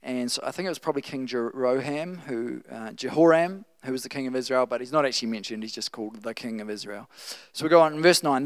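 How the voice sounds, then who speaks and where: A man preaching a sermon, reading scripture and acting out the quotes with playful, animated asides. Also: medium pitch, fast, no echo.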